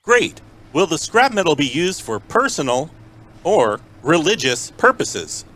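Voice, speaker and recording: A man making a prank phone call in a deadpan mock automated phone-menu voice. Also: fairly high pitch, unhurried. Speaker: prank caller.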